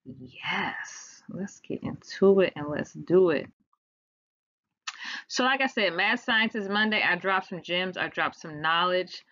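A woman's voice: lowish voice, a little slow, pushed and bright. A woman with a Washington DC accent giving a casual, slangy, playful science lecture to viewers as a chatty teacher. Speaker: science vlogger teaching class. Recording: dull lo-fi recording.

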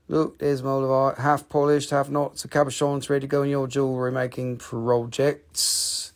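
A man's voice: medium pitch, steady tone, normal speed, few pauses, a little mellow. A man hosting a live stream where he sells minerals, with joking, chatty patter that coaxes viewers to comment.

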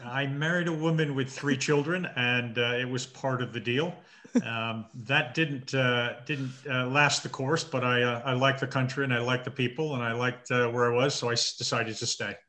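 A man in his fifties, a marathon swimmer interviewed over a video call, talking with halting restarts and dry understated humor. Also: mid-range voice, fairly even intonation, bright, forceful tone. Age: 50s. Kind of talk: casual interview chat.

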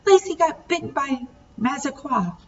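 A woman voicing a frightened teenage boy in a wheelchair, shouting high and frantic. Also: lively intonation, normal speed. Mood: urgent. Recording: distant muffled home recording, faint hiss.

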